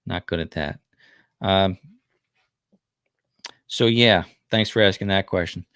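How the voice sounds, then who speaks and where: Jersey guy in his 50s rambling on his livestream, lowish voice, dry close sound. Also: steady tone, moderate pace, a bit bright, clear, resonant tone, no room sound. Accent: New Jersey. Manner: rambling, chatty, many fillers and restarts. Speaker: livestream host. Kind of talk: casual livestream chat.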